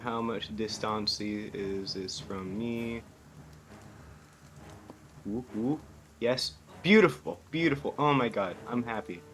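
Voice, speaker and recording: A man playing a tabletop game, talking in excitable, jokey banter. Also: fairly low pitch, slow pace, long pauses, slight background noise. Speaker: player. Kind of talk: casual chat.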